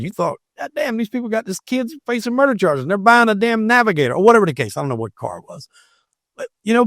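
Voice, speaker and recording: Higher-voiced man giving emphatic opinions. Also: dry recording, studio quality. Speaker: podcast host. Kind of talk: casual discussion.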